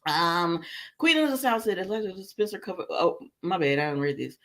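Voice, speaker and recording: A woman's voice: fairly low pitch, big pitch swings, fairly quick. A woman hosting a casual livestream, recapping a soap opera episode, quoting the characters as she goes and answering viewer comments, with frequent laughs and fillers. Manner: laughs often, lots of fillers. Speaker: soap opera review host.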